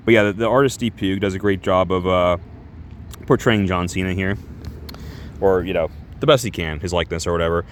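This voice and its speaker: A man's voice: low voice, steady tone, a little fast, slight background noise. A man casually reviewing a comic book in a rambling, crude, chatty way, laughing often and correcting himself as he goes.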